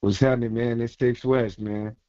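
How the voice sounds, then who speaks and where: A man's voice: mid-range voice, fairly even intonation, moderate pace, warm tone, dry recording. A male caller chatting casually and laid-back in slang, laughing often. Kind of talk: casual call-in chat. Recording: dull lo-fi call audio.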